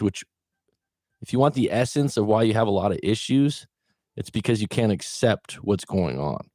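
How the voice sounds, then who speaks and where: A man's voice: medium pitch, warm tone, no echo, studio quality. A middle-aged man giving casual, plainspoken advice as a relationship coach, acting out quoted thoughts along the way. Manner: plainspoken, acts out quoted thoughts, occasional swearing.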